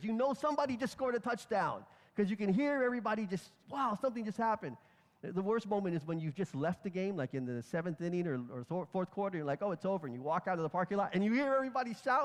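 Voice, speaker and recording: A man preaching a sermon, retelling scripture with lively storytelling and acted-out voices. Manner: storytelling, acts out crowds and captains with lively swings in pitch. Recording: long hall reverb.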